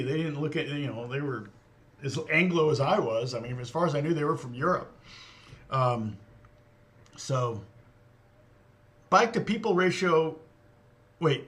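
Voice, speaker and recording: A middle-aged man from Indiana hosting a livestream in casual chat, rambling and answering viewer comments with frequent chuckles. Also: fairly high pitch. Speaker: livestream host.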